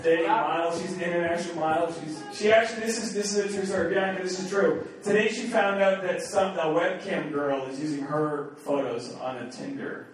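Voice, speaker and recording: A man's voice: high voice, fairly bright tone, recorded from a distance. A man from New England performing a crude standup comedy set and bantering with hecklers on a club stage. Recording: echoey club recorded from afar with crowd. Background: audience laughter and heckling.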